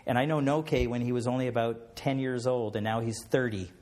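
A man's voice: mid-range voice, steady tone, a little fast, darkish tone. A middle-aged man, a missionary pilot, tells a church about his mission work and then leads a closing prayer, hesitating often with fillers and restarts.

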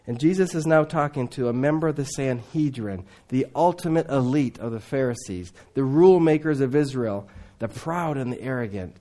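A man preaching a sermon, swinging between loud emphatic lines and hushed, low asides.

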